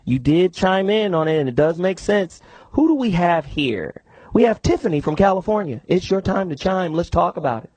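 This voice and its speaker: A man's voice: high-pitched, big pitch swings, normal speed, darkish tone, no echo. Upbeat man hosting call-in radio. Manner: emphatic, repeats the call-in number. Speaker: radio show host.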